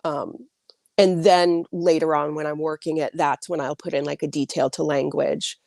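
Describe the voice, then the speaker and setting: Female author guest, lowish voice, dry sound, chatty and rambling on a video call. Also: level tone, moderate pace, vocal fry, a little mellow, dry recording. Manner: chatty, many likes and restarts. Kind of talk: casual interview answers.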